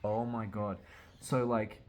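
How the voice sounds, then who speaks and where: Brief: young guy, low voice, loud excitable reactions, curses freely while reviewing comics. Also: slow pace. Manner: excitable, swearing, laughing often. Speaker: manga reviewer. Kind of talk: casual reaction commentary.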